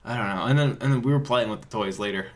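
A man co-hosting a podcast, telling stories in casual chat and often breaking into laughter. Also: medium pitch. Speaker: podcast co-host.

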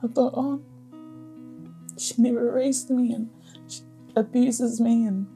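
A woman's voice: on the high side, steady tone, slow, mellow, soft background music. A woman, a family caregiver, telling her story frankly and from the heart. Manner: heartfelt, frank, laughs through hard memories. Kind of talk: candid personal storytelling.

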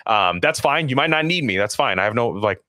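A man's voice: mid-range voice, expressive, brisk, bright, forceful tone, no room sound, clean studio sound. Rambling, profane casual man. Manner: rambling, profane, many restarts and fillers. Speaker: podcast co-host. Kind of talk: casual political chat.

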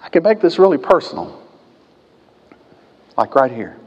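A man preaching a sermon as pastor, swinging between quiet conversational asides and loud, emphatic peaks. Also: a little high, wildly swooping pitch, moderate pace, husky, dull audio. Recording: long hall reverb.

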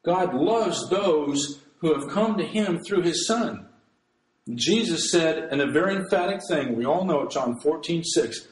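Male pastor mid-sermon, emphatic, slightly high voice, roomy echo. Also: expressive, moderate pace. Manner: earnest, emphatic, with frequent restarts.

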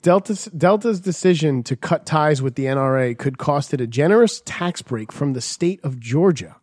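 A man's voice: a little high, expressive, normal speed, a little mellow, no echo, clean studio sound. A man co-hosting a podcast, reading news stories aloud and riffing on them with crude, joking banter. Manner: profane, jokey, reads headlines then riffs. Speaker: podcast co-host.

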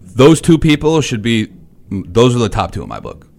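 A man co-hosting a casual wrestling podcast, talking in an animated, blunt way that turns to cursing when he gets worked up. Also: medium pitch, normal speed, gravelly. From New York. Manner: animated, cursing, reads a letter aloud stiffly. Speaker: podcast co-host.

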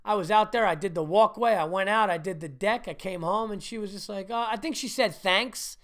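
A man's voice: high-pitched, fairly quick, fairly bright tone. A middle-aged man hosting a podcast, telling profane, self-mocking stories in a rambling casual monologue. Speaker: podcast host.

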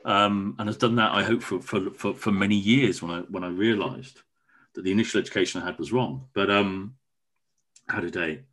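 A man's voice: fairly low pitch, moderate pace, a bit bright. A man, a podcast guest chatting enthusiastically over a video call and often repeating words. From Cornwall, England. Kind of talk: casual conversation.

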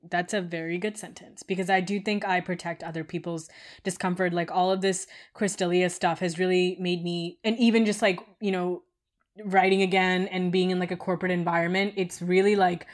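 A woman's voice: fairly low pitch, little pitch movement, a little fast. Rambling, frustrated woman podcaster. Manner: rambling, frequent "like" fillers, frustrated. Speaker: podcast co-host. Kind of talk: casual podcast chat.

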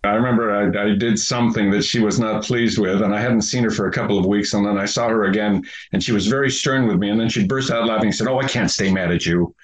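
A man's voice: lowish voice, steady tone, low-quality recording. Casual man hosting an interview. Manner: casual, halting questions with restarts. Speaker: interview host. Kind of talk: conversational interview.

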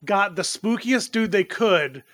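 A playful, animated man co-hosting a casual chat who laughs easily. His voice is quite high and bright in tone. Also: measured pace. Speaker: podcast co-host.

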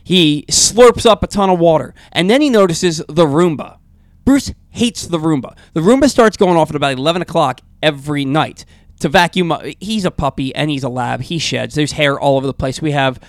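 A male talk radio host telling a long, animated story in a rambling, casual way with frequent restarts. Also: fairly high pitch, moderate pace, no room sound, studio quality.

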